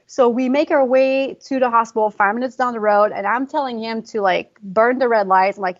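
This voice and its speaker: Woman podcast guest, fairly high voice, emotional storyteller full of fillers; slightly muffled lo-fi audio. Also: normal speed, few pauses. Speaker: guest, pre and postnatal fitness coach. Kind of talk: conversational podcast interview.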